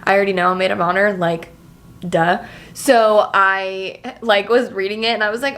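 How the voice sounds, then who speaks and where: A woman in her twenties talking casually to camera in a vlog, chatty and excitable, swearing freely and leaning on filler words. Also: mid-range voice, moderate pace. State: emotional, near tears. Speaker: vlogger.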